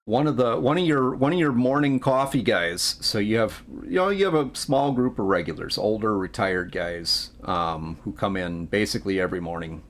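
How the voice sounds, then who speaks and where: A man's voice: on the low side, animated, moderate pace, few pauses. A man running a tabletop game as game master, narrating the scene to a player as "you", with fillers and restarts.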